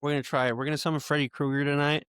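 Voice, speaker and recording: A young man co-hosting a podcast in casual chat, an animated storyteller who curses a lot and breaks into loud acted outbursts. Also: fairly high pitch, very fast, clean tone, no room sound, clean studio sound. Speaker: podcast co-host.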